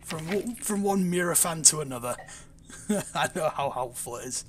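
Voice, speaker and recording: A man's voice: fairly high pitch, animated, moderate pace. Male gamer, chatty and joking, gives tactical callouts; noisy voice-chat audio. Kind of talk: casual chat while playing.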